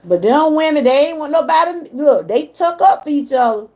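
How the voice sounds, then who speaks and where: Southern lady chatting on her livestream, kinda high voice, talks right to y'all, gets a bit emotional about her mom. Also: animated, moderate pace, darkish tone. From Georgia, US. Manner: chatty, talks to viewers directly; emotional when talking about her mother. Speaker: livestream host. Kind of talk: casual livestream chat.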